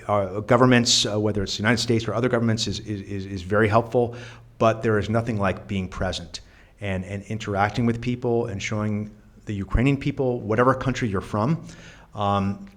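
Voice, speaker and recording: A man talks through his answers in a casual interview. His delivery is earnest and reflective, full of small restarts. His voice sits a little low. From New York. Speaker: guest, volunteer.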